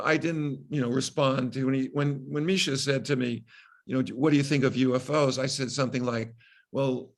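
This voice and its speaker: An older man with a gravelly, creaky edge to his mid-pitched voice. He speaks as a podcast guest, measured and deliberate, often restarting his sentences as he tells a long story. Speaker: guest, physician. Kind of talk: interview storytelling.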